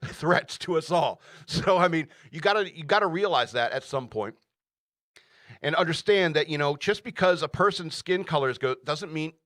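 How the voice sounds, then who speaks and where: A man's voice: on the high side, fairly bright tone, no room sound, studio quality. A man hosting a radio show, giving opinionated solo commentary in an emphatic way, often checking in with "all right?". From United States.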